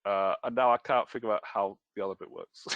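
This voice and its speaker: A man's voice: lowish voice, moderate pace, vocal fry, a bit bright, no room sound, highs cut off. A British man presenting a webinar as a game store owner, talking casually with lots of fillers and self-deprecating humor. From United Kingdom.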